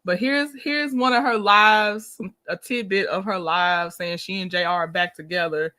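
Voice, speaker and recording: A woman's voice: medium pitch, moderate pace, bright, forceful tone. A woman hosting a casual livestream, chatty and greeting viewers by name with frequent laughs. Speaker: commentary channel host.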